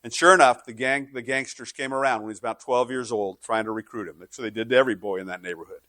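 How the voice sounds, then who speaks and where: A man's voice: medium pitch, fast talker, bright, forceful tone, no room sound. A male pastor preaching a sermon, telling stories in a conversational way and building to fervent preaching.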